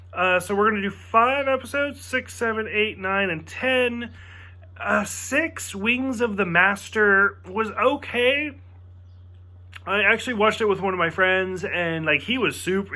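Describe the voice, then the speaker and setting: Animated bright-voiced young man reviewing. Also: sits high. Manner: rambling, acts out friend's lines. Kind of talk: casual review chat.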